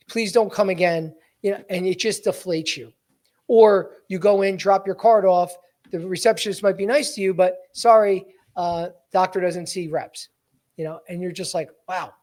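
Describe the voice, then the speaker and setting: A man's voice: high-pitched, darkish tone. A man hosting a podcast as a sales coach, talking bluntly to his listeners and calling them guys. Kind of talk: energetic coaching talk.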